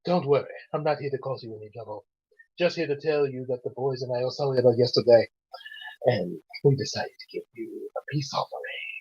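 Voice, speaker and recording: A man voicing a sly, falsely friendly schoolboy bully, speaking hushed and quick. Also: medium pitch, husky, dry recording, natural voice. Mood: sneaky. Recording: dull lo-fi recording.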